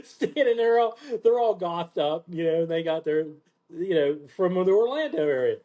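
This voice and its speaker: Podcast host, male, high-pitched, animated profane storyteller, casual chat. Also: moderate pace. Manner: animated, profane, acts out quotes in a lower voice.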